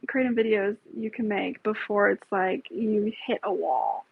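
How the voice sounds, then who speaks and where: A woman's voice: medium pitch, unhurried, creaky, slightly rough, no echo. A woman hosting a casual live stream, talking bluntly, with frequent swearing and rambling asides. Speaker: livestream host. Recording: tinny phone-like, dry sound.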